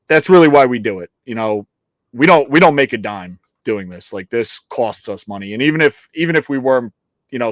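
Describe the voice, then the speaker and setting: A man's voice: mid-range voice, no echo. A man co-hosting and producing a live outdoors show, rambling casually, joking and swearing with frequent restarts. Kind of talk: casual live-stream chat. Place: New York.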